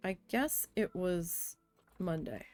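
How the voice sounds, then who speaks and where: Slow-talking woman venting while streaming. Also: on the low side, expressive, soft background music. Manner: chatty venting with frequent swearing; mutters quietly to herself while building. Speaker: game streamer. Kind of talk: casual storytelling while playing a building game.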